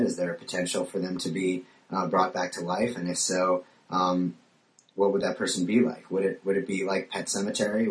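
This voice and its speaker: A man speculating in a loose, conversational way, played from a recorded clip. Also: sits low. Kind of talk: casual speculation.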